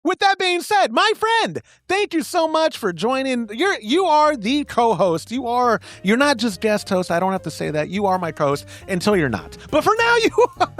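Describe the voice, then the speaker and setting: A man's voice: extremely high pitch, very animated, moderate pace, a bit bright. A man with a Texan accent hosting a podcast in casual chat, joking and teasing his co-host. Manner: joking, playful, self-mocking.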